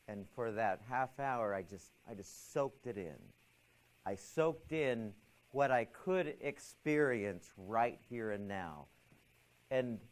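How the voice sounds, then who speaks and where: A man lecturing a class, telling a personal story and acting out his anxious thoughts and a calm inner voice. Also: medium pitch, a little slow, low-quality recording.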